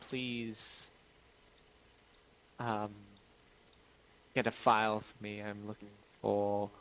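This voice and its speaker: A man's voice: fairly low pitch, a bit bright, poor audio. A man voicing a youthful, charming merchant's wife who speaks sweetly and teasingly in a tabletop game.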